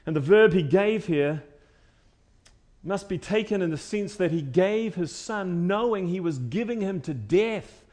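High-voiced man preaching with emphatic swings. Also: measured pace. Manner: emphatic preaching, swinging from loud declarations to low hushed lines; repeats phrases for emphasis. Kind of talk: sermon.

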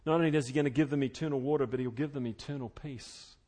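A man preaching an expository sermon, earnest and conversational, swinging between loud fervent emphasis and quiet intimate tones. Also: mid-range voice, fairly even intonation, fast. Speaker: pastor.

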